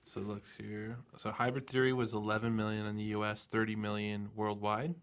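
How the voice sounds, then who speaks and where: Guy on a podcast, kinda low voice, chill, reads stats off his laptop. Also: brisk, clean tone. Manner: reads out figures, relaxed and chatty. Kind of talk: casual chat.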